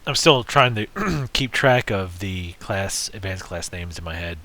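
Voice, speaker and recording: A man's voice: low-pitched, expressive, measured pace, bright, forceful tone, a little hiss or hum. A man giving casual, joking and rambling commentary while playing a video game. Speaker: let's play host.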